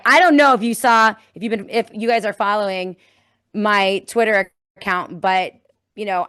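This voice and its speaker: A woman hosts a live-streamed commentary show, greeting chatters and then venting about the day's headlines. Her pitch sits in an ordinary middle range for a woman. She talks in a sarcastic, indignant way, often restarting her sentences. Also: a bit bright. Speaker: talk show host.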